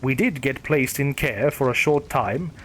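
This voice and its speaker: Guy reading a creepy story, steady somber voice, faint hiss behind. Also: mid-range voice, a little slow. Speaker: horror story narrator. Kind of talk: scripted narration.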